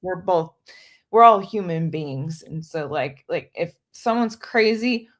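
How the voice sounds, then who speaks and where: Woman, podcast co-host, casual chat, rambling, restarts, lowish voice. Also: expressive, slow pace. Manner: rambling, laughs often, many restarts.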